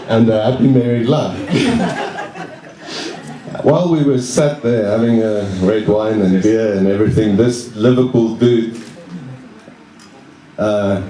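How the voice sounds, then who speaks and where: A young man giving a best man's wedding speech, halting and self-deprecating, chuckling along with his own jokes. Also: lowish voice. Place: wedding reception room. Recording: roomy echo, mic at a distance.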